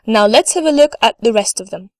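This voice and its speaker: A woman's voice: fairly high pitch, animated, a little fast, a little mellow, no echo. A woman teaching a recorded language lesson, speaking carefully, saying each word twice for learners and encouraging them to repeat. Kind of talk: scripted online lesson.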